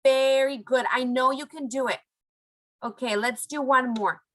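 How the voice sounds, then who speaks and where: A woman teaching Spanish phrases to young students in a recorded online lesson, encouraging them and modelling phrases slowly. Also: high-pitched, fairly even intonation, fairly bright tone, low-quality recording.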